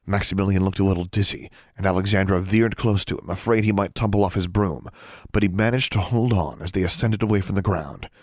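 A man with a low voice reads a fantasy story aloud at an even, steady pace. The recording is dry, with no room sound. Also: a little fast, no echo. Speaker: audiobook narrator. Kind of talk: scripted narration.

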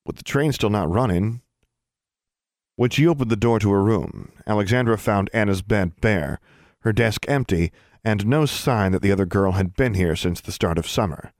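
A man narrating an audiobook in a steady, even storytelling manner. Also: lowish voice, moderate pace, no echo, clean studio sound.

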